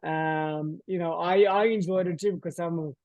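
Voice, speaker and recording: A man's voice: fairly high pitch, steady tone, moderate pace, darkish tone, no room sound, dull audio. An older man hosting a podcast interview over a video call, friendly and rambling with many fillers. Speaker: podcast host. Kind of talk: casual interview chat.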